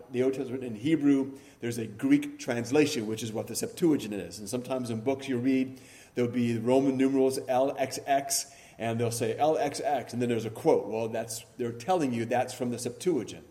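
A male pastor delivers a sermon in a measured, teaching way, leaning on key words now and then. His voice is dark and mellow, at an ordinary pitch for a man. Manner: measured teaching delivery with occasional fillers and emphatic stresses. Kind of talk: expository sermon.

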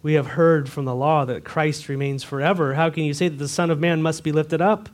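A man's voice: on the high side, fairly even intonation, a little fast. A man preaching a sermon to his church, earnest and direct, asking the congregation rhetorical questions. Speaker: pastor.

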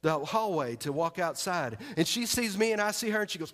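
A man's voice: sits high, animated, fairly quick, fairly bright tone. Fervent male pastor preaching. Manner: emphatic storytelling, speaks straight to the congregation. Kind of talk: sermon.

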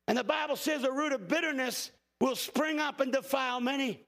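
High-voiced, gravelly preaching man. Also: a little fast. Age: 50s. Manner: impassioned preaching, often shouting. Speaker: pastor. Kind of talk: sermon. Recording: hall reverb.

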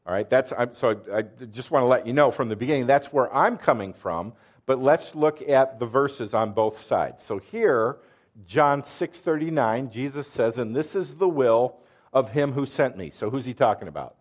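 A man's voice: mid-range voice, lively intonation, normal speed. A man preaching a sermon, explaining verses earnestly and quizzing his listeners with questions. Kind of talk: sermon with quiz questions to the audience.

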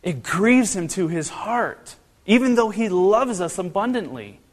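With a high, animated voice at a measured pace, a man from northern Kentucky preaches a sermon as a pastor. He speaks conversationally, repeatedly restarting and asking rhetorical questions, recorded amid a hall's long reverb.

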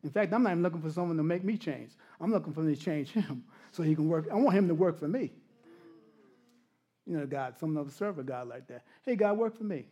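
Man, middle-aged, pastor, sermon, high-pitched, laughs through stories, animated then hushed. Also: fast talker, slightly rough. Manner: animated storytelling that drops to hushed, intimate tones; laughs often while telling stories.

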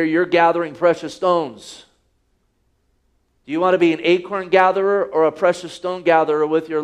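A man with a high voice preaching a sermon. He reads scripture aloud and keeps asking his listeners rhetorical questions. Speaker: pastor.

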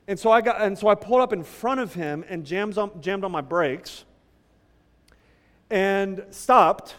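A man preaching a sermon, conversational and animated, telling stories and teasing the congregation. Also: high voice, a little slow, big-room sound. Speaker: pastor. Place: church sanctuary.

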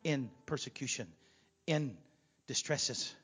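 A middle-aged man preaching a Pentecostal sermon in a church, his volume surging and sinking as he builds to near-shouts. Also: medium pitch, takes it slowly, husky, soft background music. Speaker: pastor. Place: church sanctuary.

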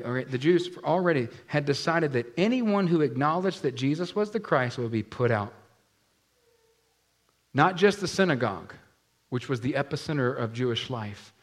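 A man preaching a sermon to a congregation, acting out the voices in the scripture story and asking the room questions. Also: medium pitch. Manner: animated, acts out scripture voices, talks to the congregation. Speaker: pastor.

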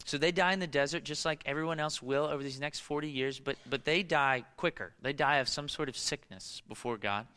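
Bright, animated male preacher. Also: on the high side, fairly quick, hardly any pauses, clean tone, long reverb tail. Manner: animated and conversational, casual fillers and rhetorical questions. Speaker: pastor. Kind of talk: sermon.

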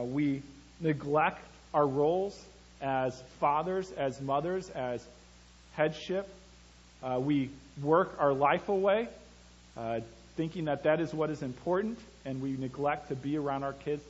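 Pastor guy preaching, kinda high raspy voice, chatty family stories, muffled lo-fi sound. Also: a little slow. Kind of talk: sermon. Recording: dull lo-fi church recording.

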